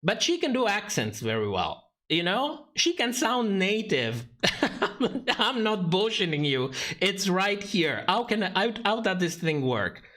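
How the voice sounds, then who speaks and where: A man's voice: sits high, very animated, normal speed, hardly any pauses, sharp tone. A man giving sarcastic, profane livestream commentary on a drag competition show, often laughing mid-sentence.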